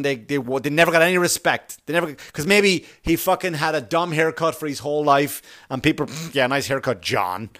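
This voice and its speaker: A man rants through a profane comic monologue. His voice sits somewhat high for a man, and he talks bluntly and acts out the people he describes. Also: a bit bright. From Long Island, New York. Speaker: comedian.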